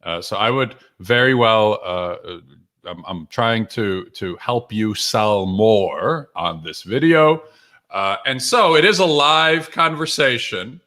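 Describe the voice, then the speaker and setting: A man hosting a live stream for his book launch, talking to viewers in an energetic, upbeat way with lots of fillers and restarts and reading out their comments. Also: lowish voice, takes it slowly. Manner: reads out viewer comments and greets them by name. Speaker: author and livestream host. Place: home or office with books behind him.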